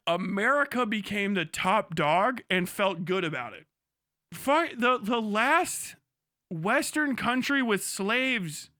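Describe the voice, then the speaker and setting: A very high-voiced man rants live in disbelief and swears through every line. His tone is bright and forceful. The recording is close and dry. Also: smooth, no echo. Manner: profane, incredulous, animated. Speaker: livestreamer. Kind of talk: crude reaction commentary.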